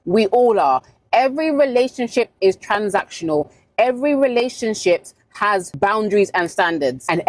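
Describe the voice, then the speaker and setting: A woman's voice: mid-range voice, no room sound. A woman giving blunt dating advice in a vlog monologue, stressing her points and repeating them for emphasis.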